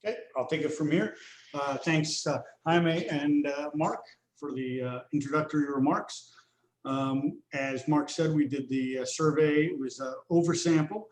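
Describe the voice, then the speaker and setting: A man's voice: on the high side, fairly even intonation, normal speed. A man presenting survey results on a video call webinar, walking through figures steadily with frequent fillers. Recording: roomy echo.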